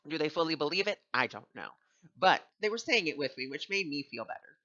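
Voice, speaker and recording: A man's voice: fairly high pitch, expressive, a little fast, bright, forceful tone, muffled recording. A man teaching on spiritual ideas and telling a personal story in an earnest, conversational way.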